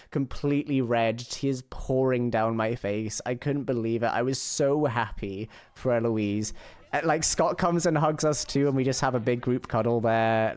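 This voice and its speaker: A man streaming a casual recap, talking in an excited, emotional, rambling way, full of restarts. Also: mid-range voice, smooth, no echo.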